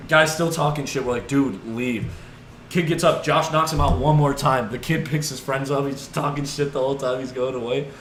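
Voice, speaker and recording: A man's voice: mid-range voice, a little fast, hardly any pauses. A young man in his twenties telling rambling stories in casual chat, full of "like" and "dude". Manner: rambling, lots of "like" and "dude", animated retelling. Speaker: podcast co-host. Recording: echoey room with background noise.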